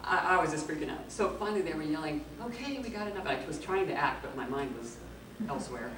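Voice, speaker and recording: A woman guest at a convention Q&A, telling a lively anecdote, acting out the quotes and laughing often. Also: deep voice, fast. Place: large echoey convention hall. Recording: echoey hall, distant mic, background noise.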